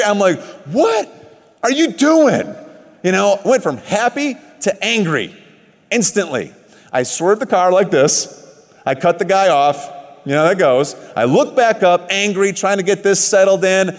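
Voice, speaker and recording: Middle-aged male motivational speaker, slightly high voice, emphatic storyteller, big echoing hall. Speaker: motivational speaker at a business event. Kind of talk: motivational stage speech. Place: large event hall. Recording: long hall reverb.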